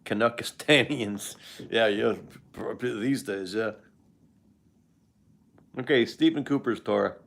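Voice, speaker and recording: A man's voice: lowish voice, slow, gravelly, long pauses, a bit bright. An older man hosting a live stream, chatting casually with viewers in a rambling, joking way.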